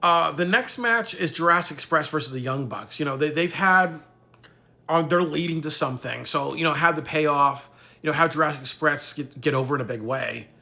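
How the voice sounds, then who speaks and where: A man's voice: fairly high pitch, normal speed, vocal fry, pushed and bright. A man talking casually in a rambling vlog, swearing freely and tacking "really" onto his points. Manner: rambling, profane, ends thoughts with "really". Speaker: wrestling commentator.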